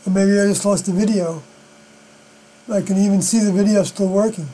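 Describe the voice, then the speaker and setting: Halting high-voiced man streaming alone. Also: fairly even intonation, warm tone, rough recording. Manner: halting, many fillers and unfinished sentences. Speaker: live stream host. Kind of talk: rambling solo live stream monologue. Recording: mains hum behind the voice.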